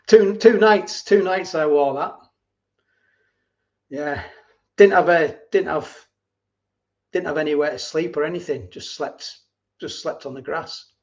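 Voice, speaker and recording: A man's voice: on the high side, slow, long pauses. A middle-aged man chatting casually on a livestream, rambling and repeating himself as he answers viewers. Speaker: livestream host. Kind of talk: casual live chat reading viewer comments. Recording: dull lo-fi stream audio.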